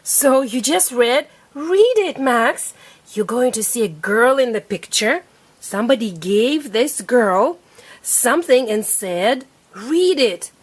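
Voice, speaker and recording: Slow, patient mother teaching phonics. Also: fairly high pitch. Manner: slow, patient, sounds out words clearly. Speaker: parent teaching her child to read. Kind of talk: reading lesson with a preschooler.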